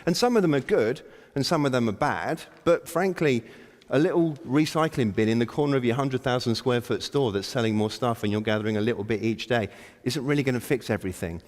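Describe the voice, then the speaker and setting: A man's voice: medium pitch, brisk, darkish tone. Blunt man speaking in a big hall. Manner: blunt, provocative, self-mocking. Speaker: conference speaker. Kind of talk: opening keynote speech. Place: large conference hall. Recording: long hall reverb.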